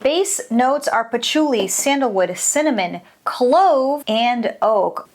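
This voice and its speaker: Excitable woman reviewing scents. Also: fairly high pitch, slow. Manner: enthusiastic, exclaiming often. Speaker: candle maker reviewing fragrance oils. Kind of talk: casual product review.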